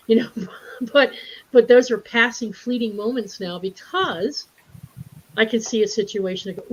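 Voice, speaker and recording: A woman telling a story in a casual group talk, animated and laughing often as she acts out the voices of people in it. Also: medium pitch, normal speed. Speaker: spiritual group speaker. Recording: dull lo-fi livestream audio.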